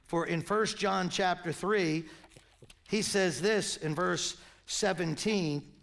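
Older male pastor in his sixties with a high, gravelly voice, animated sermon storyteller. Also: takes it slowly.

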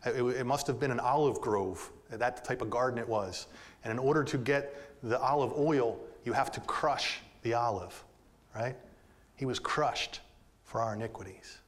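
Male pastor mid-sermon, direct with his flock, quiet reflection building to ringing emphasis. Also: mid-range voice, normal speed. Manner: rises to loud emphatic peaks, drops to soft intimate tones; addresses listeners directly as "folks".

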